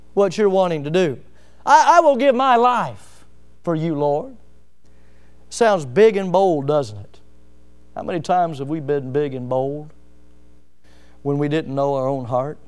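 A middle-aged male pastor preaching with passion, his voice climbing to forceful peaks before falling low and hushed. His tone is smooth and resonant, pitched a little high for a man. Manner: impassioned, rising to emphatic peaks then dropping low. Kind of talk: sermon.

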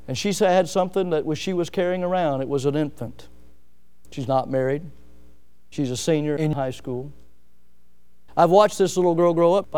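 A middle-aged male pastor preaching with passion, his voice climbing to forceful peaks before falling low and hushed. His tone is smooth and resonant, pitched a little high for a man. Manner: impassioned, rising to emphatic peaks then dropping low. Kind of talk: sermon.

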